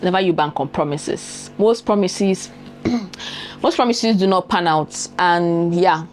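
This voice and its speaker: Low-voiced Nigerian woman giving emphatic advice. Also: slow pace, faint music behind. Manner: emphatic, repeats key phrases, checks in with the audience. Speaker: vlogger. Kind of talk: casual advice monologue to camera.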